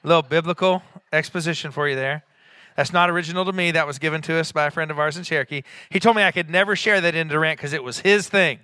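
Bright-voiced pastor preaching with emphatic swells. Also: male voice, a little high, clear, resonant tone, dry recording, clean studio sound. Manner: conversational, with quick asides and rising emphatic peaks. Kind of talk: sermon.

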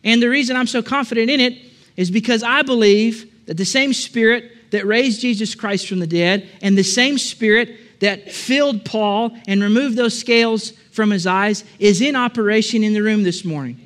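Male preacher, high voice, conversational sermon building to emphatic repeated phrases. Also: moderate pace, a bit bright. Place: church with a balcony.

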